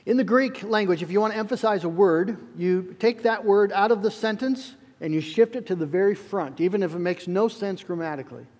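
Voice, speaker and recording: High-voiced pastor preaching earnestly. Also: male voice, brisk, hardly any pauses, a little mellow, big-room sound. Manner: earnest, emphatic, with repeated restarts. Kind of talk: sermon.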